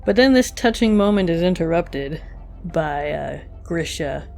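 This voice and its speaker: Musing anime reviewer over soft music. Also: mid-range voice, lively intonation, a little slow, vocal fry. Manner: thoughtful, musing, with hesitant fillers. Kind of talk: casual episode review while drawing. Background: faint background music.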